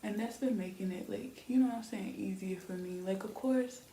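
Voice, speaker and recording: A woman's voice: medium pitch, moderate pace, mellow. Chatty young woman in an echoey room. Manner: chatty, rambling, lots of fillers. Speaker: beauty vlogger. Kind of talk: casual chat while styling hair. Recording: echoey room, faint background hiss.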